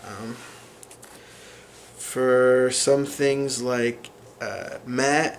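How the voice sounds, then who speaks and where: A man explaining a language lesson in an unhurried way, pausing often with fillers as he works through examples. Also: medium pitch, fairly even intonation, slight background noise. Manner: unhurried, many fillers and restarts while explaining. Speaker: language teacher.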